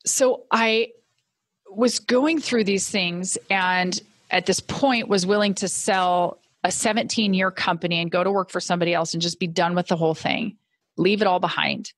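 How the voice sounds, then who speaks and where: A middle-aged woman, a business owner appearing as a podcast guest, tells a personal story earnestly in a lowish voice at a moderate pace. She animatedly acts out what she was thinking back then, recorded in a clean studio with no echo.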